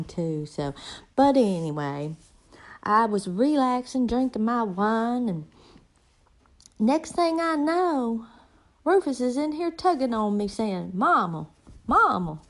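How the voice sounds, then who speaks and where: Middle-aged woman, slightly high voice, folksy rambling storyteller. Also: lively intonation, slow pace, darkish tone. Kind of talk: casual comedic storytelling monologue.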